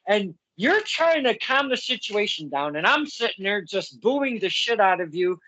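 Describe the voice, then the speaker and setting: A man's voice: high-pitched, moderate pace. A man hosting a casual interview, telling stories with lots of laughs and acting out the other side of the talk. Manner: animated storyteller, acts out quotes, laughs often. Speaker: podcast host. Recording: dull lo-fi sound.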